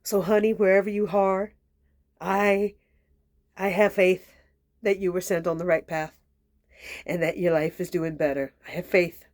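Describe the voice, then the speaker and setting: A woman's voice: fairly low pitch, steady tone, unhurried, pauses often, dry recording, studio quality. Sassy woman telling a story. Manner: chatty and sassy, addresses viewers directly; drops into soft near-whispers at times. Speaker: tarot reader and channel host. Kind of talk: casual spoken storytelling.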